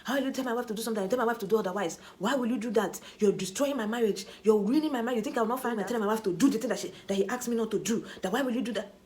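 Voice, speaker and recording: A woman's voice: a little high, racing, hardly any pauses, a little mellow, close to an everyday voice. A woman with a Nigerian accent voicing an angry, indignant husband who repeats his accusations. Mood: accusing. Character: angry shouting jealous husband, a man.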